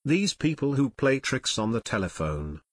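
A man's voice: medium pitch, sing-song, normal speed, no room sound. A man voicing an older aunt who is tart and disapproving. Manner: tart, contemptuous.

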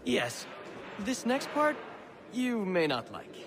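A sardonic scheming jailed forger. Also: male voice, high-pitched, huge pitch swings, slow, background noise, full character voice. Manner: wry, sardonic, lecturing. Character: scheming middle-aged imprisoned male colonial forger. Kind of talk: video game cutscene acting.

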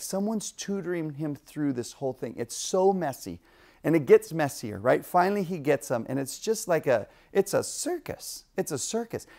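A man's voice: a little high, darkish tone. A man teaching a religious lesson in a casual, enthusiastic way, retelling stories with laughter. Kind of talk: animated lesson storytelling.

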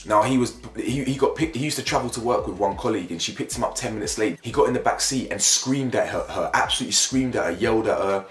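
A man's voice: fast, hardly any pauses. Emphatic man in an echoey room. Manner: animated, emphatic, repeats phrases for emphasis, jumps up in pitch when worked up. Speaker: YouTube commentator. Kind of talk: opinion commentary vlog. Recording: echoey room with faint music bed.

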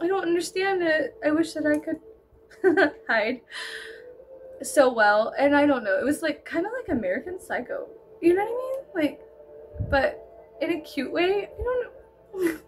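A high-voiced woman with a Texan accent tells a long, rambling story straight to camera. She fills her talk with "like" and breaks into giggles and whispered asides. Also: a bit bright, a little hiss or hum. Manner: rambling, giggly, says "like" constantly. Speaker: vlogger. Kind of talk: casual storytime.

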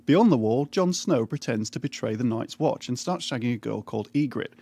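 Deadpan and dry, a gravelly, husky man narrates a scripted comedic recap in an ordinary middle pitch. He tosses off irreverent comments without stopping.

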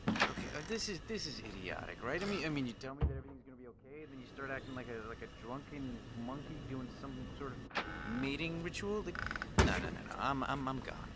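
A man voicing a principled lawyer who stammers and frets under pressure, with a mid-pitched voice. A loud background ambience sits under his voice in this game recording. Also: lively intonation, fairly quick, heavy background noise, natural voice. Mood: panicked. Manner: stammering, nervous, exasperated. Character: honest male lawyer, indignant then panicked. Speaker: local lawyer. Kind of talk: game voice acting.

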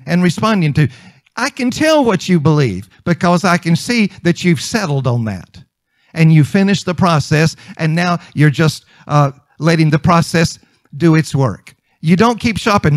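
A man's voice: high voice, dry recording. A male preacher delivering a conversational sermon, emphatic and repeating his points.

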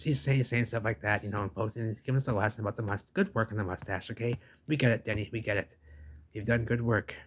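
A man giving casual, rambling reaction commentary on a video, enthusiastic and chatty, calling listeners "folks" and "baby". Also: medium pitch.

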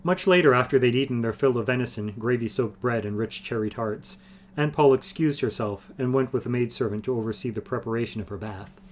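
A man reading a fantasy novel aloud on a livestream, in steady narration. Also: medium pitch, brisk, slight background noise. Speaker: reader.

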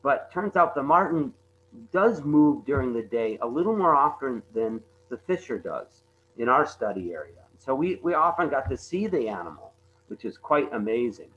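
A man giving a conservation talk over slides, halting often and repeating words with many fillers. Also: mid-range voice, big pitch swings, a bit bright, muffled recording, a little hiss or hum. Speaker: conservation presenter. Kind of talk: webinar slide presentation.

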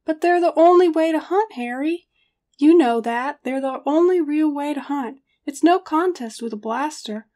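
A woman's voice: high voice, moderate pace, dark tone, voice pushed up, natural voice. A woman voicing an eager, stubborn young male camp owner in a story reading, insistent. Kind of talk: audiobook character reading.

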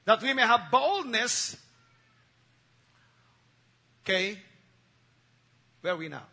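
High bright-voiced preacher. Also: male voice, big pitch swings, slow, creaky, breathy edge. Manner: emphatic call-and-response preaching with repetition. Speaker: pastor. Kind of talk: sermon.

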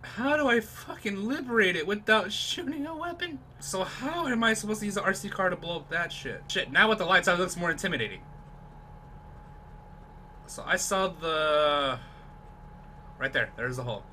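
A young man doing live let's-play commentary on his gameplay, excitable and profane, dropping to a whisper while sneaking. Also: fairly high pitch, moderate pace, long pauses, a little hiss or hum.

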